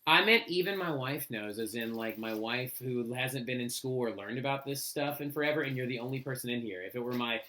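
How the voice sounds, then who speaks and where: A man's voice: mid-range voice, a little fast, hardly any pauses, sharp tone, slight background noise. A young man teaching a history lesson in a chatty, casual way, peppering his talk with "like" and "right?". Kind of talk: recorded classroom lesson.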